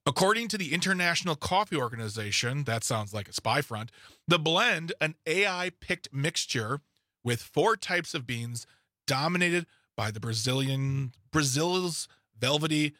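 A man's voice: mid-range voice, expressive, moderate pace, bright, forceful tone, no echo, clean studio sound. A man co-hosting a casual podcast, reading news headlines aloud with joking asides and stumbles.

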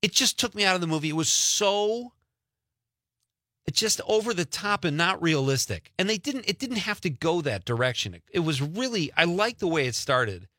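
A middle-aged male radio host talking casually in the studio, his voice bright and lively, bouncing all over his pitch. He sounds opinionated and laughs easily, close to a dry microphone. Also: moderate pace, no room sound. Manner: animated, opinionated, laughs often. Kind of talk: casual talk radio banter.

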